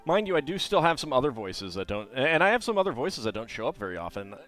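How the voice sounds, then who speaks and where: A man's voice: mid-range voice, big pitch swings, fast talker, fairly bright tone, faint music behind. A man streaming live, thinking aloud in hesitant, rambling commentary.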